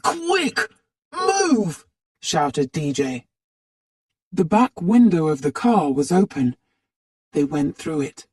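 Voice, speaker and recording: Slow, animated storybook narrator. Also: mid-range voice, slightly rough, dry recording, clean studio sound. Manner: animated read-aloud, acts out the characters' lines. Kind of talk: slow storytelling for English learners.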